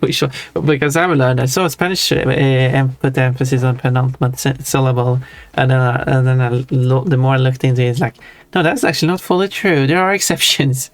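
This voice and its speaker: A man's voice: medium pitch, fairly even intonation, brisk, no room sound. A man in casual stream chat who thinks aloud, chatty and easily drawn into tangents about language.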